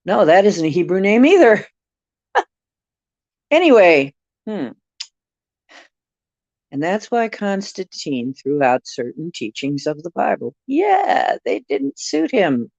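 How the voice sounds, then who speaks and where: A woman hosts a casual livestream in a slow, unhurried way, musing aloud as she drifts from one speculative thought to the next. Her voice sits dry and close, with a dull, lo-fi quality to the stream audio. She chats with her viewers and reads their comments as she goes. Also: lowish voice, sing-song, darkish tone, no echo. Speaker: livestream host reading viewer chat.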